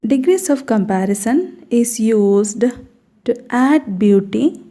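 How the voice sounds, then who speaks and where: A woman's voice: fairly high pitch, expressive, takes it slowly, mellow. A woman teaching an English grammar lesson, patiently repeating example words and checking in with "okay" as she explains.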